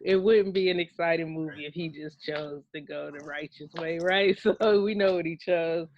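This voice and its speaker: A woman's voice: on the low side, normal speed, muffled recording, noisy background. A woman co-hosting a casual movie review show, chatting loosely with laughs and self-corrections. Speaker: podcast co-host.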